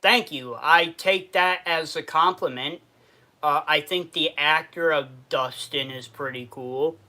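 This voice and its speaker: This New York-accented host from Western New York speaks at a measured pace, his fairly high voice bright and forceful. He reads out viewer comments on his casual food review stream and answers them, an undercurrent of sadness beneath it all.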